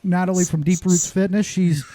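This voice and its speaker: A man's voice: high-pitched, fairly even intonation, normal speed, warm tone. A man, co-hosting a podcast in a rambling casual way with many restarts. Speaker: podcast co-host.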